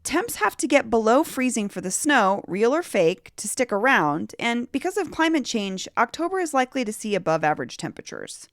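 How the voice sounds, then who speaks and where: A woman hosting a local news podcast, with a bubbly, animated delivery. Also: fairly high pitch, brisk, few pauses, dry recording, studio quality. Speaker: podcast host.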